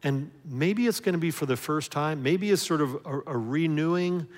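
A man preaching a sermon to his congregation, acting out a story's characters and moving from loud, lively telling to quiet, hushed appeals. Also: fairly high pitch, moderate pace. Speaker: pastor. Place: church sanctuary. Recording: long hall reverb.

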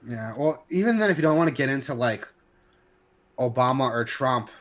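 A man co-hosting a casual podcast, his voice at an ordinary middle pitch. He rants heatedly, stumbling through restarts and fillers as he talks. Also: expressive, moderate pace, a bit bright. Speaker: podcast co-host. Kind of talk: casual opinionated chat.

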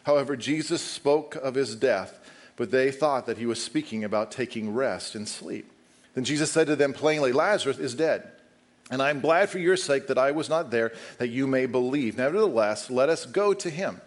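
A man delivering a sermon, reading scripture in a steady, measured way before turning to speak plainly to the people in front of him. His voice sits at an ordinary middle pitch for a man. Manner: reads scripture steadily, then talks to the congregation and calls up a helper. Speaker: preacher.

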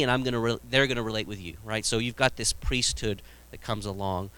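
In a lowish, bright, forceful and smooth voice, a male pastor preaches fairly quickly with few pauses. His sermon is conversational and funny, acting out Bible scenes while he restarts often and repeats words.

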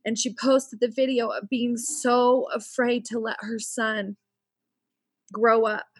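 A woman guest speaking bluntly and with deep feeling, close to tears as she tells a personal story. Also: little pitch movement, slow pace, no room sound. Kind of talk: emotional personal testimony.

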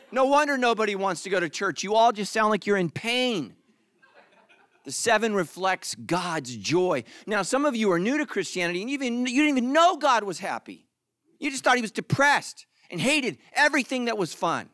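A man preaching a sermon as pastor, animated and joking, acting out the congregation in mock voices. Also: sits high, moderate pace, no room sound.

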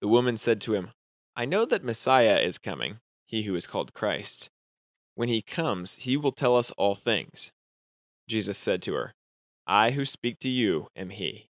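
A man's voice: on the low side, big pitch swings, unhurried, no room sound, clean studio sound. A man co-hosting a casual Bible study talk, easygoing with short replies, and reading scripture aloud when asked. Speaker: podcast co-host.

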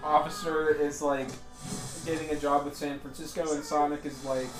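A man's voice: a little high, level tone, moderate pace, echoey room, faint music behind. A man co-hosting a casual podcast, chatting and swearing while watching a movie. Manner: joking, swears freely. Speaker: podcast co-host.

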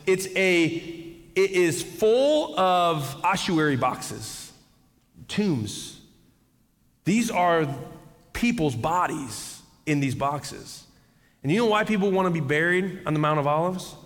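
Guy preaching a sermon, high voice, gets really animated, big reverby church hall. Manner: animated storytelling, jumps high when excited. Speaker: pastor.

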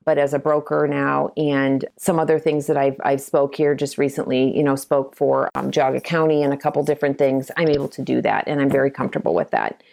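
Low-voiced middle-aged realtor lady from ohio, chatty, tells stories. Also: fairly even intonation, fairly quick, gravelly, few pauses, a little mellow. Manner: chatty storytelling, acts out quotes. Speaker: guest realtor and broker. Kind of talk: conversational interview.

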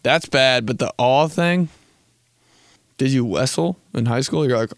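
A man's voice: mid-range voice, measured pace, no echo, clean studio sound. A young man in his twenties hosting a podcast, joking and rambling in a laid-back, casual way and swearing often. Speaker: podcast host. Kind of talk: casual comedic monologue.

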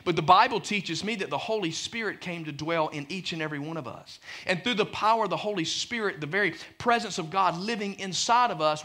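A man's voice: sits high, sharp tone. A man preaching a sermon as pastor, emphatic and speaking straight to the congregation with frequent asides and repeated words. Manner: repeats words when building a point.

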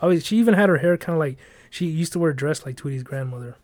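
A man's voice: fairly high pitch, expressive, fast, a little mellow. A man chatting casually, telling rambling stories about his old job at a storage facility and swearing freely. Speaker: former storage facility office worker. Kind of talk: casual chat.

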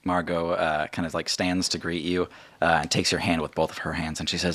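A man's voice: sits low, level tone, brisk, fairly bright tone, no room sound. A man narrating as game master in a tabletop game, talking in a casual and rambling way with many fillers.

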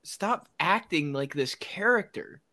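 Male podcast host, animated and bright, opinionated sports ranter. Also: a little high, slow. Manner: opinionated, ranting, laughs often. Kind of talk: casual sports chat.

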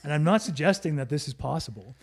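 Animated husky man telling a story. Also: fairly high pitch, fast talker. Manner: animated, swearing, laughing storyteller. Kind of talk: casual chat.

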